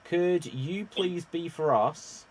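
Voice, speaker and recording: Man, improv show host, animated, loud exclamations, slightly high voice, unhurried. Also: husky. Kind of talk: lively online improv show hosting.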